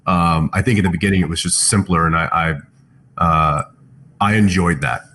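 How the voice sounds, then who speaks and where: Low-voiced guy on a zoom fan panel, thoughtful, reading fan questions out. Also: moderate pace, pushed and bright, slight background noise. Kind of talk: casual panel chat. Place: home, on a video call.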